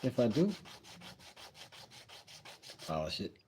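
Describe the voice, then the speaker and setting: A man's voice: on the low side, wildly swooping pitch, slow pace, darkish tone, a little hiss or hum. A man in casual live-stream chat while working on a craft project, joking and reading chat aloud. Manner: laid-back, joking, reads chat aloud.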